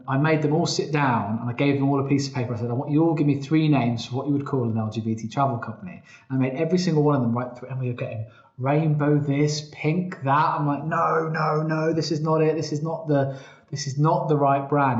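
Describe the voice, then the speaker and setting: A man's voice: medium pitch, darkish tone. Chatty man in a roomy room. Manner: chatty, self-quoting, frequent restarts. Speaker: podcast guest, travel company founder. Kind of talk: casual interview storytelling. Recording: roomy, slightly dull sound.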